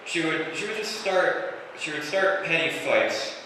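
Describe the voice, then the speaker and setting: Young guy doing deadpan standup, far off mic, super echoey club with long reverb and crowd laughs. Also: on the high side, measured pace. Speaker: stand-up comedian. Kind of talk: stand-up set. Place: comedy club stage. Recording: roomy live club recording with room noise. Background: audience laughter.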